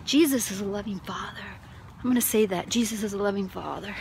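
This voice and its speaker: A woman giving an emotional personal testimony, often laughing softly and dropping into whispers. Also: medium pitch, fast talker, vocal fry, background noise. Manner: tearful, laughing, drops to whispers. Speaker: Christian testimony speaker.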